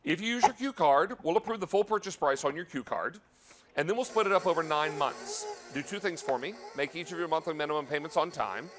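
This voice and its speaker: A man hosting a live TV shopping show from a studio kitchen, chatty and emphatic as he pitches a product. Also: animated, a little fast, fairly bright tone, a little hiss or hum. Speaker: TV shopping host.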